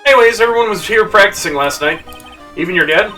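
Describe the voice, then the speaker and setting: A man voicing a perky, carefree young woman animal tamer in a video game, in a bubbly, squealing high voice. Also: animated, quick pace, pushed and bright, far from the mic, soft background music. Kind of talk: voicing game dialogue on a live stream.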